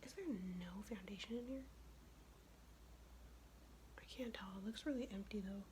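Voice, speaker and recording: A woman's voice: medium pitch, moderate pace, darkish tone, a little hiss or hum. A young woman who is sick, talking in a whispered ASMR get-ready-with-me chat, casual and profane. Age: young adult. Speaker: ASMR vlogger.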